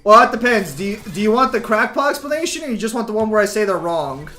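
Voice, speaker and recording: A young man streams games from home, chatting casually with his viewers while rambling, using lots of fillers and swearing nonstop. His voice is high-pitched and sing-song, bright and forceful, and he talks fast over faint background music.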